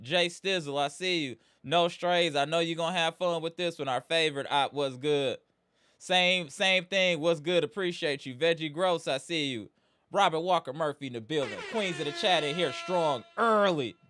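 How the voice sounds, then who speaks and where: On his live sports stream, this man's fairly high, slightly bright voice moves at an ordinary pace. He greets viewers in the chat by name with plenty of energy, though he's clearly frustrated and venting about the team's defeat.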